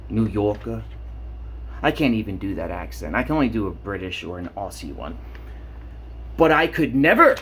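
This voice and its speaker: A man's voice: fairly low pitch, big pitch swings, brisk, fairly bright tone, breathy edge. A man in his late thirties giving a rambling, profane monologue for his vlog, talking himself into a worked-up state in his shower. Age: 30s. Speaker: vlogger. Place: home shower.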